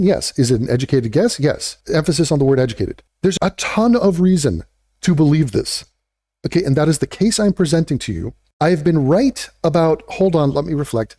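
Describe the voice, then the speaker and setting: A man's voice: fairly high pitch, mellow, no room sound, clean studio sound. A man with a blunt, profane, sarcastic manner, ranting as a video creator in a commentary vlog.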